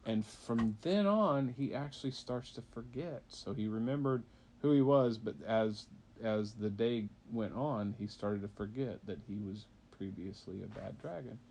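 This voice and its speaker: A man's voice: lowish voice, a little slow, dark tone, a little hiss or hum. A man, a parent, making up a bedtime story for a child in a casual, rambling way with fillers.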